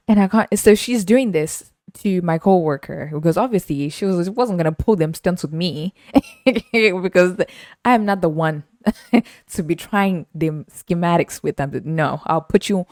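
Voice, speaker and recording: A woman's voice: fairly low pitch, moderate pace, no room sound, clean studio sound. Laughing woman telling a story. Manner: animated, slangy, laughs often. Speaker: podcast host. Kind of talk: casual storytelling.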